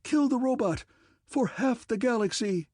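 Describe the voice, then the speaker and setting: A man's voice: fairly high pitch, moderate pace, darkish tone, slightly rough, no echo, studio quality. A man voicing a terrified, degenerate emperor who shrieks breathlessly, in an audiobook. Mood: panicked.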